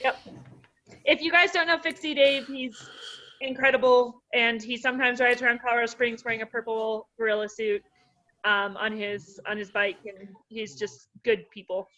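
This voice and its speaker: A playful woman tells a story over a video call, high and bright in tone. The sound is dull and muffled, as calls often are. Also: little pitch movement, moderate pace. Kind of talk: casual video call chat.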